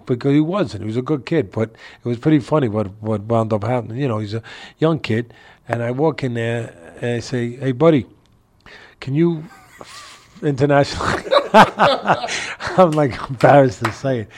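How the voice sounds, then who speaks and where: An older man, a boxing trainer, telling a story in a casual interview from his home, animated and laughing as he talks. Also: medium pitch, moderate pace, a little hiss or hum. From New York area.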